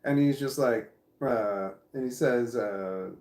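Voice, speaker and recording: A man's voice: mid-range voice, takes it slowly, a little mellow, echoey room. A man telling a casual story to the camera. He rambles, repeats himself and swears often. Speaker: vlogger.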